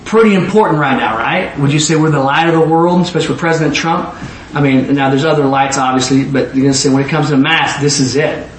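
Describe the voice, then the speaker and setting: High-voiced rambling man preaching. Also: fast talker, hardly any pauses. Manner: rambling, repeating words as he restarts. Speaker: preacher giving testimony. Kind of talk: sermon testimony. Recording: echoey room with faint noise.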